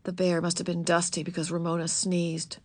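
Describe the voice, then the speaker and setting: Woman with a low voice reading a children's book. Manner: expressive storytelling, gentle and measured. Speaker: narrator.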